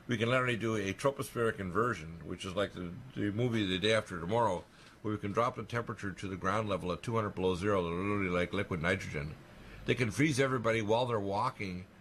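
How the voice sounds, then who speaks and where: Emphatic low-voiced man on a talk show. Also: a bit bright, slight background noise. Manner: emphatic, rapid-fire alarming claims. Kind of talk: radio talk show conversation.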